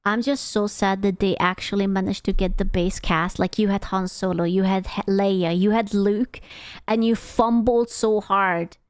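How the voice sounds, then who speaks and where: A woman's voice: medium pitch, fairly even intonation, moderate pace, clean tone, dry recording, studio quality. A woman streamer casually reacting to a video, rambling, stumbling over words and swearing freely.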